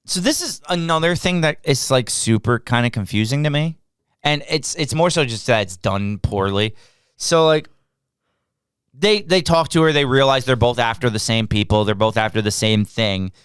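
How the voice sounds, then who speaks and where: A man co-hosts a movie review podcast, walking through scenes with sarcastic exasperation. His voice is smooth and resonant, at a middling pitch. The sound is dry and close, with no room around it. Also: animated, moderate pace, a bit bright, no room sound. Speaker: podcast co-host. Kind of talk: casual movie review chat.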